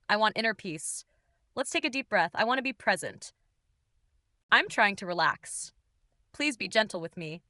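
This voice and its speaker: A woman hosting a beginner English lesson podcast, speaking in slow, simple sentences with a gentle, encouraging and playful manner. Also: mid-range voice, dry recording, studio quality. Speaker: English teacher and podcast host.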